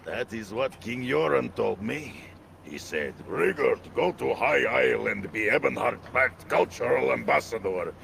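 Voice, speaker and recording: An actor playing a boastful, forgetful male Nord diplomat in a game, speaking in a halting, broken-English accent. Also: medium pitch, expressive, gravelly, a bit bright, a little hiss or hum, exaggerated voice. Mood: pompous. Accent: broken-English put-on accent. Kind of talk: game voice acting.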